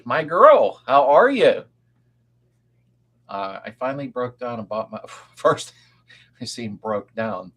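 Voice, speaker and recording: An older man with a fairly low voice hosts a relaxed live chat for viewers. He rambles in a folksy, easygoing way, trails off mid-sentence and greets people by name as he goes. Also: vocal fry. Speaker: livestream host. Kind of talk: casual live-stream chat.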